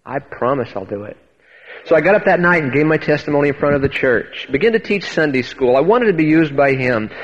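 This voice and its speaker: A man preaches a sermon and shares his personal testimony in a church hall, earnest and emphatic, often restarting his words. His fairly high voice has lively intonation and moves fast with hardly any pauses, and the recording sounds dull, echoey, and radio-like.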